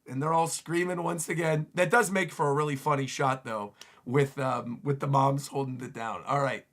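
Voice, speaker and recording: A man streaming a manga chapter reaction, reading the panels aloud and reacting with excitement. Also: fairly high pitch, moderate pace. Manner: excitable, reads panels aloud with rising voices and laughs.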